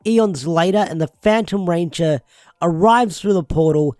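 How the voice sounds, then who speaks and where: Slightly high-voiced man reviewing comics, dry. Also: moderate pace, a little mellow, clean tone, dry recording. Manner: rambling, hedging with "sort of" and "who knows". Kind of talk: casual video review.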